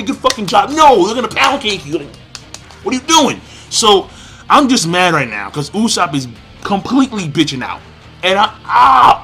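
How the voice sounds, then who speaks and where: A young man rants through a comic review, swearing freely and bursting into shouts as he rambles. His slightly high voice swings widely in pitch and has a sharp, bright edge. Faint music plays underneath. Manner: excitable, profane, rambling, with frequent shouted outbursts. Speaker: manga reviewer. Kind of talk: ranting commentary.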